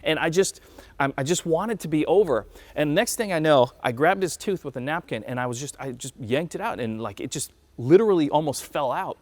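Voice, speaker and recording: A man's voice: a little high, animated, brisk, a little mellow, no echo. Conversational male pastor, dry sound. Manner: conversational storytelling, acts out quotes. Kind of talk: sermon. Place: church.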